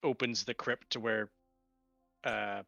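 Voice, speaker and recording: Male tabletop player, bright tense voice, quick, dull dry mic. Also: lowish voice, fairly even intonation, vocal fry, dry recording, soft background music. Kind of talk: tabletop game play.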